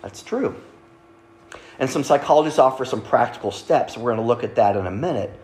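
A man preaches to his congregation in an easy, conversational manner, tossing in little asides to check that they follow. His voice sits at a middling pitch. The sound carries the roomy echo of a church sanctuary. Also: expressive, a little fast, darkish tone. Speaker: pastor. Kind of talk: sermon. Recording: echoey church room.

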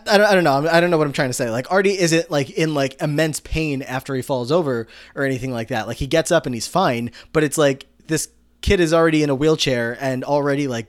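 A man's voice: medium pitch, no room sound, studio quality. A man hosting a casual podcast, recapping a TV episode in a rambling way with lots of fillers. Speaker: podcast host.

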